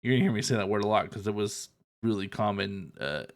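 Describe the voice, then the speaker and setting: A man co-hosting a podcast, casually retelling a TV episode in a loose, profane way with quick asides. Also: fairly low pitch, lively intonation. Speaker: podcast co-host. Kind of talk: casual chat recapping a TV episode.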